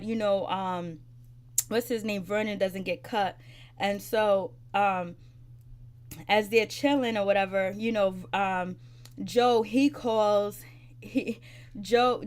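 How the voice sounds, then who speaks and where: Chatty woman recapping a TV episode. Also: mid-range voice. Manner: chatty, loose retelling with many fillers, voices characters' lines. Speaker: TV episode reviewer.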